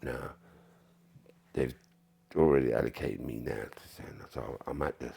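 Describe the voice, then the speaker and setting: Guy in his 60s telling stories, super low gravelly voice, husky, acts out all the bits. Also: moderate pace. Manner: animated storyteller acting out dialogue, swearing, dropping to whispers. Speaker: podcast guest. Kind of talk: casual storytelling chat.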